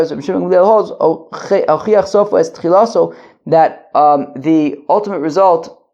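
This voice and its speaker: A man teaching a daily Talmud lesson, translating line by line in a halting way with many restarts while pacing back and forth. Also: fairly high pitch, warm tone, dull audio. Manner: halting, many restarts and fillers, Yiddish-flavored study terms. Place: pacing at the edge of a wedding hall.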